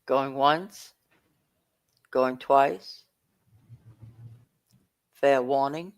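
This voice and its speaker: Low slow-talking woman calling bids. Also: smooth. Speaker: auction co-host calling bids. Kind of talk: live auction calls and chat.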